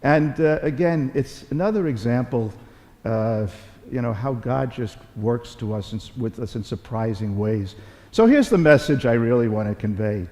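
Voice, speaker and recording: A man's voice: medium pitch, animated, moderate pace, warm tone. A middle-aged man, a Catholic bishop, giving a conversational homily at Mass with folksy storytelling, repeating phrases and joking at his own expense. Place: large church. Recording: long church reverb.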